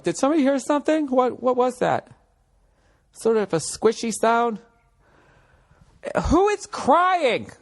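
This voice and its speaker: A man in his forties hosting a comedy podcast from home, rambling in a profane, animated monologue and slipping into mocking voices. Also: fairly high pitch. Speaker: podcast host. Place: home room with window.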